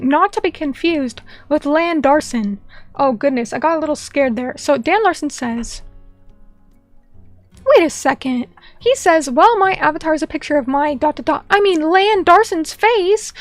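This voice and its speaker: A young woman streamer chatting casually with viewers, rambling with many fillers and quick apologies. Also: high voice, no echo. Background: faint background music.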